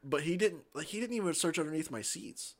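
A man's voice: fairly high pitch, expressive, brisk, a little hiss or hum. A young man co-hosting a podcast, telling a story in a casual, profane, laughing way. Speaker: podcast co-host.

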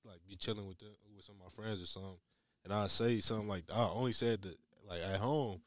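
Young man, very low voice, relaxed halting chat. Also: dry recording. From Memphis, USA. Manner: laid-back, halting, full of "like". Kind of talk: casual chat.

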